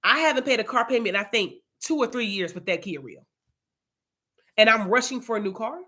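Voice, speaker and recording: A woman's voice: on the high side, animated, fairly quick, sharp tone. A young woman leading an informal Bible study, chatty and casual, telling personal testimony.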